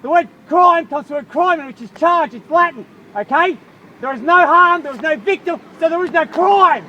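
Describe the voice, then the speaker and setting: Irate, high-voiced Australian man arguing. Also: moderate pace, muffled recording, slight background noise. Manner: irate, argumentative, swears heavily. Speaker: motorist stopped by police. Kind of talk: heated roadside argument. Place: outdoors by a road.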